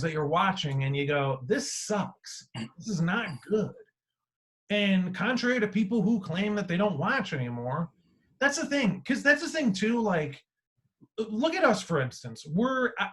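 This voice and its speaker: A man with a fairly high voice hosts a casual podcast, talking animatedly and swearing freely. His volume swings between loud and quiet.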